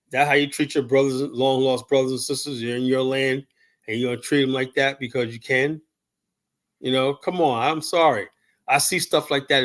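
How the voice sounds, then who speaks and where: An American man hosts a call-in show and delivers a heated, rambling rant. His voice sits at an ordinary pitch for a man. He keeps circling back with "you know?" and "right?" as he builds his point. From United States. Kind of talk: ranting livestream commentary.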